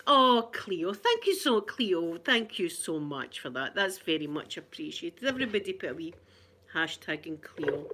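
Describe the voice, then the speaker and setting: A woman's voice: fairly low pitch, very animated, a little slow, a little hiss or hum. An older Scottish woman, a grandmother, chatting casually on a livestream and greeting viewers by name. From Scotland. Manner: chatty, warm greetings to viewers, frequent laughter. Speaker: livestream host. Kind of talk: casual live chat with viewers.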